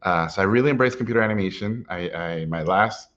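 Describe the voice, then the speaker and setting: A middle-aged man, an animation director, telling stories from his life in an animated way, often chuckling as he talks. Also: sits low, quick pace. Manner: animated storyteller, chuckles while telling anecdotes. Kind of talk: personal storytelling talk. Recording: dull lo-fi recording.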